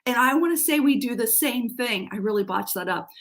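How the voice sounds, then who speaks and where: A woman's voice: on the high side, animated, fairly quick, hardly any pauses. Earnest woman coaching on a livestream. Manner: earnest, self-deprecating, restarts often. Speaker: life coach. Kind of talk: live-streamed coaching talk.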